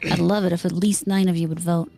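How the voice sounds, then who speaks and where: A woman co-hosting a podcast, running polls and questions in a dry, brisk way. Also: lowish voice, fairly even intonation, vocal fry, dark tone. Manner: dry, brisk, keeps things moving. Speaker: podcast co-host reading questions. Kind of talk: casual podcast chat.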